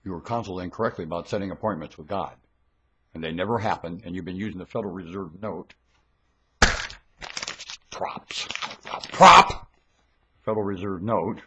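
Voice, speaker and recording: A man giving a rambling, scornful religious monologue into a webcam at home, dropping to low mutters and then bursting into shouts. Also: moderate pace, long pauses, lo-fi sound, background noise. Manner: preachy, scornful, lectures the listener.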